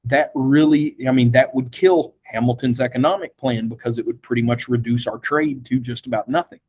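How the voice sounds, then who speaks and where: A man's voice: medium pitch, brisk, a little mellow, breathy edge, muffled recording. A man teaching a history lesson in a conversational classroom style, with frequent fillers. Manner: conversational, with fillers and brief acted quotes. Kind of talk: classroom lecture.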